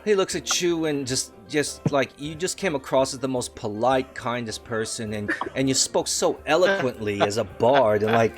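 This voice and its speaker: A man narrating as dungeon master, halting and rambling, often laughing. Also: medium pitch, expressive, music in the background. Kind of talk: narrating a tabletop game.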